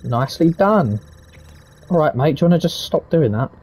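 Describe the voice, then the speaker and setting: A young man commentates on his own gameplay, hurling insults and curses at opponents. His slightly high voice leaps up and down constantly, breaking into excited yelps, while gunfire from the game crackles behind him. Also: moderate pace, slightly rough. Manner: trash-talking, swearing, excitable yelps. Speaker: gaming streamer.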